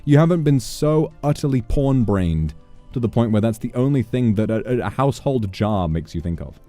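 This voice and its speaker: A man's voice: medium pitch, lively intonation, normal speed, dark tone, faint music behind. A young man chatting on a gaming livestream, rambling into mock-exasperated rants with plenty of swearing. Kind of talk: casual livestream chat while gaming.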